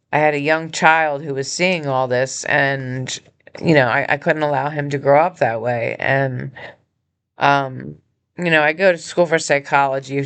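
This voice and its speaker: A woman hosting her own podcast, speaking from a hospital room in an earnest, halting personal appeal, emotional and injured. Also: low-pitched, clean tone. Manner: earnest, halting, with many pauses and restarts. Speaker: podcast host and nonprofit founder.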